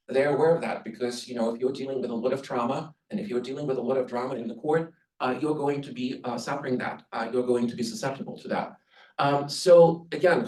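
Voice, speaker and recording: A man's voice: mid-range voice, darkish tone. Man lecturing in a roomy hall. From Soviet Union. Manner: earnest, advisory lecturing. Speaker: interpreting instructor and conference speaker. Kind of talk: conference presentation. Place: conference room. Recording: roomy sound from a distant mic.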